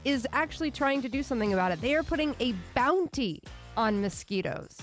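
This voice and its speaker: A woman's voice: sits high, expressive, fairly quick, soft background music. A woman co-hosting a casual radio podcast, chatting through odd news stories. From Arizona. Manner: chatty, reading off headlines with laughs. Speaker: news co-host.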